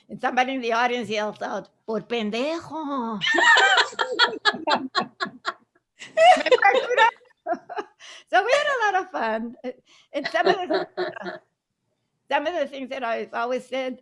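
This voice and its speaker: Her slightly high, somewhat bright voice comes through a video call as this older playwright and actress from Southern Arizona casually reminisces. She laughs easily, chats freely, and weaves Spanish phrases into her English.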